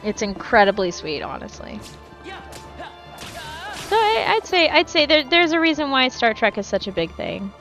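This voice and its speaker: A woman's voice: fairly high pitch, sing-song, a little fast, few pauses, a bit bright, faint music behind. Rambling, foul-mouthed woman streamer. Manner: rambling, swears freely, self-correcting. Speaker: game streamer. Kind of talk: casual live-stream chat while gaming.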